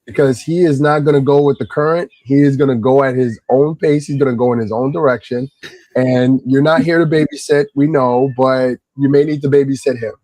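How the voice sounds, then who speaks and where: A man from Irvington, New Jersey, telling a casual story as a guest, calm and subtle, then rising in energy. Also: mid-range voice, a little fast, no echo, poor audio. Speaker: guest, kids' Lego class instructor.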